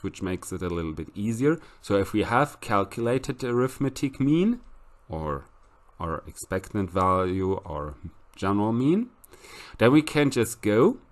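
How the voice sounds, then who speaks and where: A man giving a recorded statistics lecture, explaining step by step and reading out calculations. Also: fairly low pitch.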